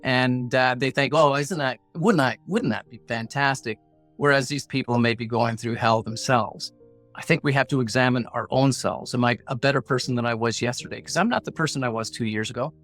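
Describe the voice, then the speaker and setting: Speaking brisk and mid-range with fairly even intonation and a fairly bright tone, a middle-aged negotiation coach recounts a personal story as a podcast guest. His delivery is earnest, blunt and punchy in a motivational vein, plain-spoken, with inner voices acted out. Soft music runs in the background.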